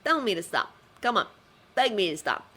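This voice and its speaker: A woman's voice: mid-range voice, sing-song, moderate pace, sharp tone, slightly rough, voice pushed up, heavily acted. A woman voicing a cold, cruel vigilante who mocks and threatens. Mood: menacing. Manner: menacing, mocking. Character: menacing vigilante cabbie, young man, cold and cruel.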